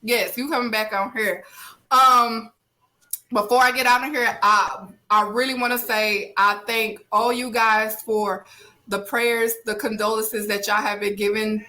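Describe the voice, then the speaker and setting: Bright-voiced woman hosting a podcast. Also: fairly high pitch, fairly even intonation, measured pace. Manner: chatty, addresses listeners directly, many fillers. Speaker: podcast host. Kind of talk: casual podcast chat.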